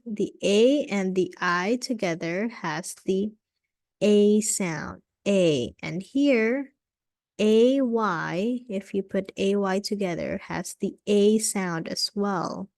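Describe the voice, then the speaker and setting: A woman teaching English vowel sounds in a slow, patient lesson, repeating each sound and saying "okay" often. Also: mid-range voice, darkish tone, dry recording, clean studio sound.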